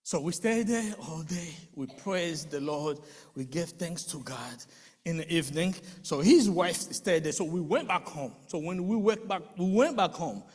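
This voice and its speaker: A man giving an emotional spoken testimony, telling the story with animated delivery and acting out quoted voices. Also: on the high side, measured pace, breathy edge, long reverb tail.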